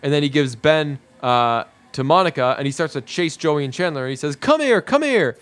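A man's voice: mid-range voice, fairly even intonation, fairly quick, a bit bright. A man casually recapping a TV episode scene by scene, with plenty of filler sounds. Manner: narrates scene by scene with many "uh" fillers. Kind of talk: casual spoken retelling.

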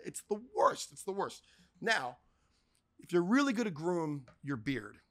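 A man with a fairly high voice tells a story in a casual, animated way. He acts out what other people said and swears freely as he goes. He also reads ads like a show host.

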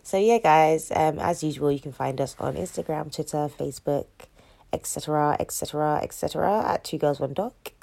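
Low-voiced nasal woman with a cold. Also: a little fast, creaky. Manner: chatty, animated, trailing fillers. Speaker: podcast co-host. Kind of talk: casual chat.

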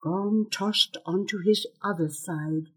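A woman narrating a fantasy audiobook in a slow, expressive storytelling manner. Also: fairly low pitch, breathy edge.

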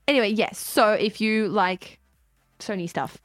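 A woman's voice: mid-range voice, unhurried, no echo, clean studio sound, faint music behind. Giggly woman hosting radio. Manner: giggly, rambling, playful banter. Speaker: radio host. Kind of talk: casual radio chat.

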